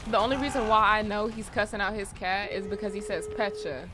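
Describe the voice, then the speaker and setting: A young adult woman streaming a game, chatting casually with her viewers in animated, profane, slangy banter. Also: mid-range voice, fast, music in the background. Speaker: gaming streamer. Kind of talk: casual livestream chat while gaming.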